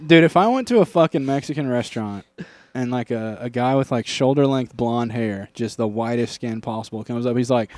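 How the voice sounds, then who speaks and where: A man's voice: medium pitch, fast, hardly any pauses, darkish tone. A young man co-hosting a podcast, riffing crude jokes, swearing freely and mimicking people. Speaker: podcast co-host. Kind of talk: crude comedic banter.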